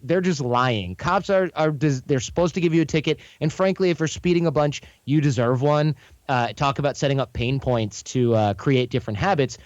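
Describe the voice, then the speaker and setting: A man as a podcast guest, explaining casually in a quick, anecdotal way and often correcting himself mid-sentence. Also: on the high side, dry recording, lo-fi sound. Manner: quick, chatty, anecdotal, frequent self-corrections. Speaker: podcast guest, charm coach.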